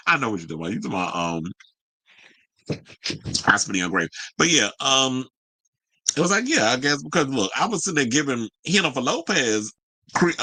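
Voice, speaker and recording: A man talks through celebrity headlines in a casual, joking way and drops into sarcastic side comments. His voice sounds slightly husky. It is recorded dry and close to the mic. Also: on the low side, sharp tone, no room sound, rough recording. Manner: loose, joking, sarcastic, colloquial. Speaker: host of a celebrity news show. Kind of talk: casual commentary, reading news with asides.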